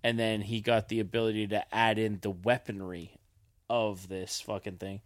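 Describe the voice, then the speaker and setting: A man's voice: on the low side, little pitch movement, normal speed, no echo, clean studio sound. A man co-hosting a podcast, chatting casually and enthusiastically with some swearing. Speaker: podcast co-host. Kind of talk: casual chat.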